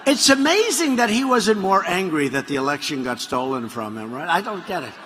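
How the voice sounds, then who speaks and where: A man giving a campaign rally speech, rambling and mocking, repeating himself and breaking into shouts. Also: sits high, sing-song, fairly quick, noisy background. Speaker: politician addressing a rally. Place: large rally venue. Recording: long arena reverb, faint crowd ambience.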